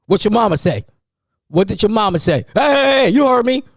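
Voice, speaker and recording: A man's voice: sits high, sing-song, brisk, no room sound, clean studio sound, voice pushed up. A man putting on a stern, short-tempered stepdad voice, barking repeated commands at kids. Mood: scolding.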